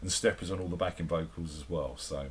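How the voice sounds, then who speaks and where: A man guesting on a radio show, talking in a casual, rambling way. His voice sits a little low. He tells stories with plenty of fillers. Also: fairly even intonation, fast, husky. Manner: chatty, rambling storyteller. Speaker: guest musician.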